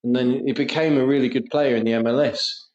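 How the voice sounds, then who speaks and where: A man's voice: mid-range voice, steady tone, a little fast, darkish tone, reverberant, lo-fi sound. A man co-hosting a football podcast, chatting casually with lots of laughs and swearing. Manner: laughs often, swears, jokey. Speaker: podcast co-host. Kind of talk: casual banter. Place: at home, in a kitchen.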